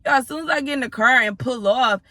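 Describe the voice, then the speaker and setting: A woman in her thirties telling an animated, profane storytime vlog, speaking straight to her viewers. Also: high voice, fast talker, no room sound. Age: 30s. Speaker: storyteller vlogger. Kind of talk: casual storytime.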